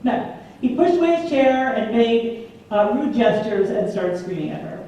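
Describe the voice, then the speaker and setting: A woman giving a public lecture, telling lively stories and acting out the voices she quotes. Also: fairly high pitch, moderate pace, muffled recording. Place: large community hall. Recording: echoey hall from far off, faint hum.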